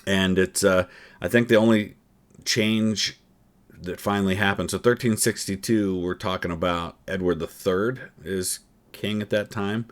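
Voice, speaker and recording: A history channel host reacts to a trivia quiz, thinking aloud through each answer with lots of ums and uhs. His voice sits low, with fairly even intonation and a measured pace.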